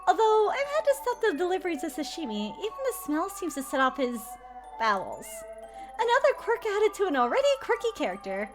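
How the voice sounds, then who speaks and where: A woman voicing a gentle female cat cafe owner in a game, talking in a soft-hearted, anxious, pleading way. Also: very high voice, big pitch swings, a little fast, over music, voice pushed up. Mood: friendly.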